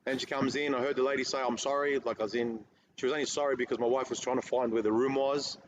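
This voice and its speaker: A man's voice: medium pitch, steady tone, fast, crowd noise. Man on a muffled line. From Australia. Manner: rambling storytelling with restarts. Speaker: guest car detailer. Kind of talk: casual podcast chat. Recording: muffled lo-fi audio with faint noise.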